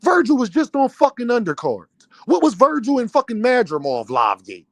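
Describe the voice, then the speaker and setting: A man's voice: very high-pitched, wildly swooping pitch, moderate pace, no room sound. A man, a boxing content creator, ranting on a livestream, angry, profane and heated. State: worked up and fuming. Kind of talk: livestream rant.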